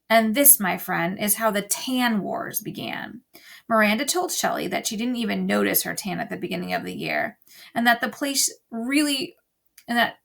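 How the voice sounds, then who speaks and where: A woman teacher reading a novel aloud to an online class, telling it in an expressive storytelling way. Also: mid-range voice, creaky.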